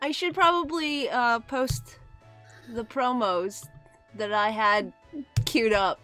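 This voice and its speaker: A woman's voice: fairly high pitch, takes it slowly, pushed and bright, faint music behind. A woman casually chatting while playing a video game, often laughing and reading the game's lines aloud. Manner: giggly, reads game text aloud. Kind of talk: casual let's-play chat.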